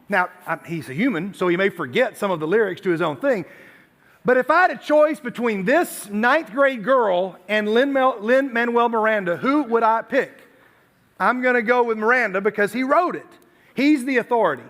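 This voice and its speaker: A man's voice: very high voice, animated, normal speed, fairly bright tone. A man from Tennessee giving a youth sermon, chatty and storytelling, with self-deprecating asides. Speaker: youth pastor.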